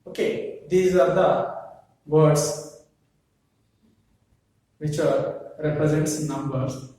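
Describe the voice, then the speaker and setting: A man gives a lecture slowly, pausing often and asking rhetorical questions. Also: high voice, fairly even intonation, darkish tone, heavy reverb, recorded from a distance, poor audio. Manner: slow, with frequent pauses and rhetorical questions. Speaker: English lecturer. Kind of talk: classroom lecture.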